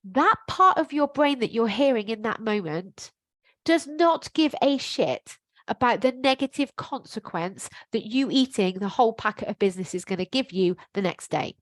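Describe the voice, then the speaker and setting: A middle-aged woman coaches straight to camera in a lively, frank, emphatic way, swearing now and then without fuss. Her voice sits a little high. The recording is close and dry, with no room sound. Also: moderate pace, no echo. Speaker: life coach. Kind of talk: motivational coaching talk to camera.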